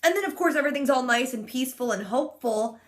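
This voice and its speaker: A woman's voice: high voice, lively intonation, quick pace. A woman in her twenties recapping a TV episode in casual chat, sarcastic and full of "like". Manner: sarcastic, chatty, heavy use of "like". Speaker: vlogger.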